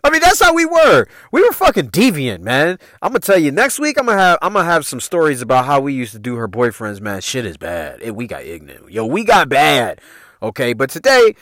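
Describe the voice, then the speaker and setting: A man's voice: medium pitch, wildly swooping pitch, brisk, a bit bright, dry recording, clean studio sound. A man hosting a podcast, telling family stories in loose, profane street slang. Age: adult parent. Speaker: podcast host. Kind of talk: casual storytelling.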